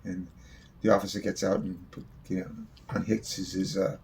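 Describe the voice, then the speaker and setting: Gravelly low-voiced man telling a story. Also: little pitch movement, moderate pace, darkish tone, a little hiss or hum. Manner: long-winded, swears freely. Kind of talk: spoken personal anecdote.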